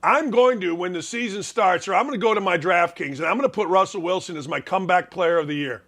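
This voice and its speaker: Brash sports host, bright edge, high voice, stuffy. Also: male voice, fast. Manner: brash, folksy, emphatic with repetition. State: congested, sneezing. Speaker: sports talk show host. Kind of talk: opinionated sports talk monologue.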